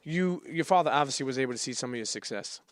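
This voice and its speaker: A man's voice: mid-range voice, fast talker, no echo. A man hosting a podcast, earnest and casual, often stumbling over his words. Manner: earnest, repeats words, reads quotes aloud. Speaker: podcast host. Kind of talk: casual interview chat.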